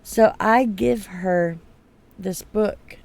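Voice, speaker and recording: Woman streamer in her 30s, unhurried and gravelly; blunt, swears freely while chatting over a game. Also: medium pitch, darkish tone. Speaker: gaming streamer. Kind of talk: casual storytelling over gameplay.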